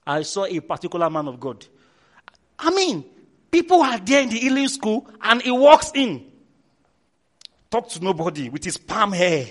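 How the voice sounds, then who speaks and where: Nigerian pastor preaching, high bright voice, big swings up n down. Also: male voice. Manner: animated storytelling, shouting repeated commands. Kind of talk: sermon.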